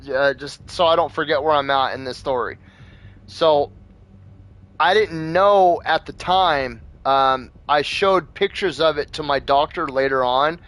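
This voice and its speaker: A man's voice: a little high, fairly bright tone, smooth. Rambling, foul-mouthed man telling a story. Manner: rambling, profane, full of fillers. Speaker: gaming channel host. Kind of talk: casual storytelling.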